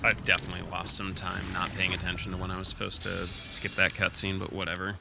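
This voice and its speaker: A man's voice: low-pitched, monotone, fast talker, gravelly, background noise. A man streaming a speedrun, rambling and joking profanely while he has the hiccups. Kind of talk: casual live-stream commentary.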